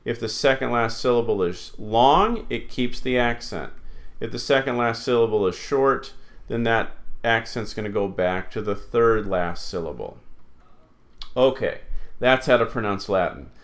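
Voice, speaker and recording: A man teaching an online Latin lesson, explaining slowly and patiently with many fillers. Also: mid-range voice, expressive.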